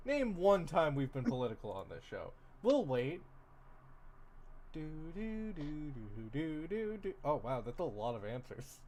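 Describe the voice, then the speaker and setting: A man's voice: a little high, big pitch swings, unhurried, darkish tone, slight background noise. A man running a tabletop game as game master, joking and laughing between narration.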